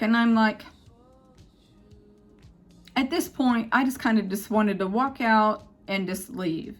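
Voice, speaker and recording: A woman speaks to her camera in a casual storytime vlog, her voice a little high. She talks with emotion and acts out what others said as she retells it. Faint music plays underneath. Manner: emotional, quotes others in quick retold dialogue. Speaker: vlogger.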